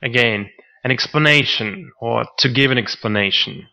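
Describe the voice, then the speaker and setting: A man co-hosting a podcast, teaching vocabulary in a scripted lesson and reading out example sentences in a measured way. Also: medium pitch, gravelly, heavy background noise. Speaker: podcast co-host. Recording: dull lo-fi recording.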